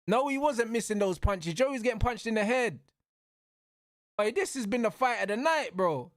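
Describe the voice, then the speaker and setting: High-voiced young man, excitable. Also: normal speed, dry recording, studio quality. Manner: excitable, slangy, yelling at the referee. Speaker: streamer. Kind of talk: live fight watch-along commentary.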